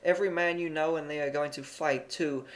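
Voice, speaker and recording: A man's voice: on the high side, steady tone, brisk, natural voice. Male reader doing an earnest young correspondent, pleading, for an amateur audiobook.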